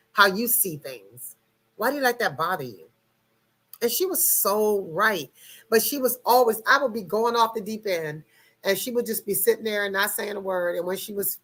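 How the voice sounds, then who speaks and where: A middle-aged woman explaining personality types in a casual, chatty way. Her voice is bright and forceful, and she puts full energy into everything she says. She stays intense and emphatic even on small topics. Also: fairly low pitch. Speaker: personality-type presenter.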